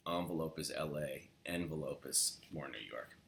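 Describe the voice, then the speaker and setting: Low gravelly Southern California man. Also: normal speed, slight background noise. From Los Angeles. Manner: relaxed, demonstrates words in quoted example sentences. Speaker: accent tutor. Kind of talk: casual spoken accent lesson.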